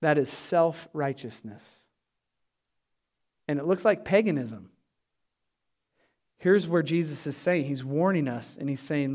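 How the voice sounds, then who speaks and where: A middle-aged male pastor preaching a sermon to his church, emphatic, often dropping low and quiet to stress a point. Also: takes it slowly, long pauses.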